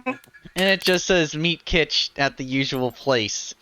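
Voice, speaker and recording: A man acting as dungeon master narrates a tabletop game in a fairly high, slow, bright voice with a forceful tone. He rambles, leaning heavily on fillers like "like" and "you know." The recording sounds dull and lo-fi.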